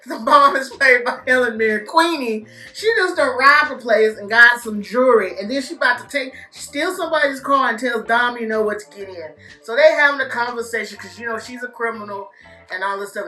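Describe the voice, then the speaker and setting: A woman rambles through a casual movie review, laughing, swearing and acting out scenes as she goes. Her voice sits a little high and sounds bright and forceful. It is recorded in an echoey room with faint music underneath.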